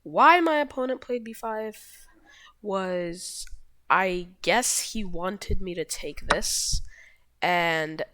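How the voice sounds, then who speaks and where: A woman's voice: medium pitch, animated, very slow, sharp tone, no room sound. A woman casually walking through chess positions, rambling and correcting herself, shrugging off mistakes with a loose, offhand manner. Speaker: chess video host. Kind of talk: casual chess game walkthrough.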